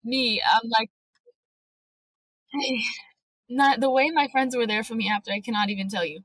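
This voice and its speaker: Woman, higher voice, earnest widow retelling events in an interview, dry recording. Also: normal speed, fairly bright tone, dry recording. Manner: earnest, tells events by acting out quotes. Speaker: podcast guest, widow. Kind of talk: emotional personal interview.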